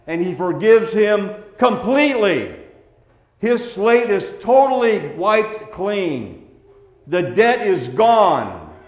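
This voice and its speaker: A man preaching a sermon as a pastor, swinging between hushed, tender passages and loud, forceful ones. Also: high-pitched, big pitch swings, slow pace, roomy sound.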